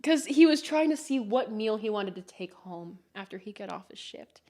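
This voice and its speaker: A woman's voice: medium pitch, animated, moderate pace, a little mellow. A young woman hosting a podcast, telling stories in a casual chat, swearing and laughing often. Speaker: podcast host.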